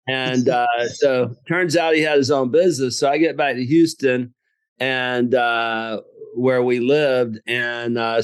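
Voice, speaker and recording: A middle-aged man with a Southern US drawl tells stories in a folksy, self-mocking way. His voice is smooth and resonant, set at an ordinary pitch. The sound is dry and close. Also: no echo. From southern Alabama. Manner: folksy, jokes and laughs at own stories. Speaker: guest, business coach and author. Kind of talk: storytelling interview.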